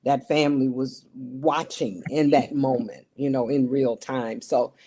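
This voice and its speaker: A woman's voice: a bass voice, fairly even intonation, unhurried, dark tone, slightly rough. A middle-aged woman, a television broadcast journalist, talking in an interview in an earnest, emphatic way that repeats its key points. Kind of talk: interview conversation.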